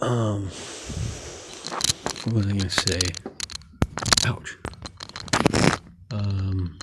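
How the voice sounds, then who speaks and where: A man's voice: lowish voice, background noise. A man hosting a casual solo talk about boxing, rambling and opinionated, with lots of "you know" fillers. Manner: relaxed, opinionated and loose. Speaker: host.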